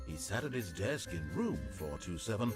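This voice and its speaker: A man voicing a composed male narrator who tells a quiet office tale in measured, precise storybook narration. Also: on the low side, very animated. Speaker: game narrator. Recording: narration over game music.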